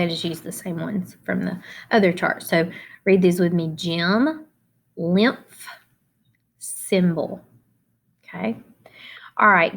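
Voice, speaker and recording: Middle-aged woman teacher doing phonics for kids, slow and careful, kinda low voice. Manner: slow, deliberate, spelling out letters. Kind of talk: phonics lesson for children.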